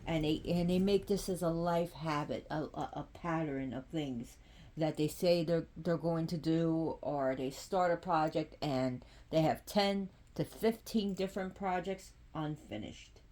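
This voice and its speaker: A woman casually explaining oracle cards and ritual practice in a spiritual vlog, speaking in a halting way with frequent restarts. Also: low voice, dark tone.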